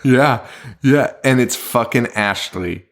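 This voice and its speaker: A man's voice: medium pitch, takes it slowly, fairly bright tone. A man co-hosting a podcast, chatting casually and swearing a lot as he recaps a movie's plot with acted-out quotes. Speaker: podcast co-host.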